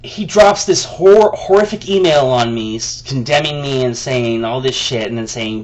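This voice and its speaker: A man's voice: mid-range voice, moderate pace, few pauses. A man venting to the camera in a heated, profane rant. He often restarts his sentences, and he talks to himself by name. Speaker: vlogger.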